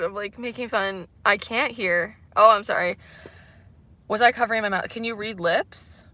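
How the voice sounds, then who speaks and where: Young Canadian woman livestream host, rambly and giggly, bright forward tone, dry close sound. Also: mid-range voice, moderate pace, dry recording. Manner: rambling, laughing often, lots of "like". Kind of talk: casual livestream chat, reading comments.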